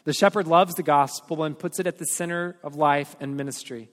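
A man delivering a sermon as pastor, telling stories with energy and then speaking earnestly and softly. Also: on the high side, fairly quick. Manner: storytelling, animated then earnest and quiet. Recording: hall reverb.

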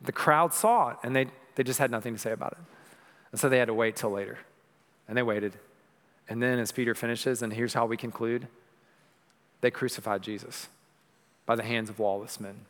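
A man's voice: medium pitch, fairly even intonation, brisk, pauses often, a bit bright, long reverb tail. A man preaching a sermon as pastor, earnest and rising to emphatic peaks. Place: church sanctuary.

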